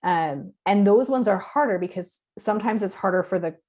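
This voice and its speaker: A woman clinician explaining her approach in a podcast interview, earnest and direct, her voice going hoarse as she talks. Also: medium pitch, moderate pace, a little mellow. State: losing her voice. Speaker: concussion clinician guest.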